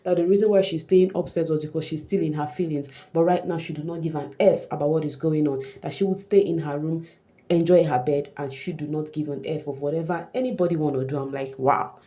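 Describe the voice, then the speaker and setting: A woman vlogger with a chatty, animated manner, recapping a reality show in casual gossip commentary. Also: low voice, fast.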